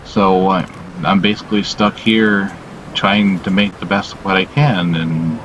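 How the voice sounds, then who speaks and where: A man hosting a casual confessional vlog, weary and subdued, talking haltingly with lots of "you know" fillers and frequent swearing. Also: low voice, flat delivery, a bit bright, lo-fi sound, a little hiss or hum. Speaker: channel host.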